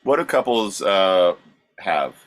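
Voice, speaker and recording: A man's voice: deep voice, very animated, slow pace. A man co-hosting a podcast who runs a quiz segment, hesitant and full of fillers, playing the straight man. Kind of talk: casual comedic banter.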